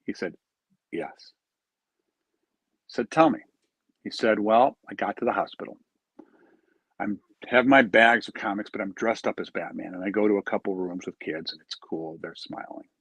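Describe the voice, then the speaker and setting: A man's voice: on the low side, steady tone, moderate pace, a bit bright, slightly rough, no echo. A man, a charity founder, telling an earnest story in an interview and acting out the quoted dialogue.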